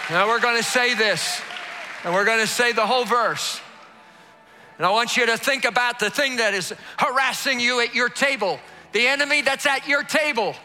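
A man's voice: very high voice, normal speed, bright, forceful tone, some chatter behind. A man preaching as pastor, rousing his congregation and leading them in call-and-response. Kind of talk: sermon. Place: large church hall.

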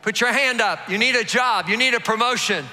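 A man's voice: extremely high pitch, fairly quick, sharp tone, faint music behind. A man preaching as pastor, rousing his congregation and leading them in call-and-response. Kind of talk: sermon. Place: large church hall.

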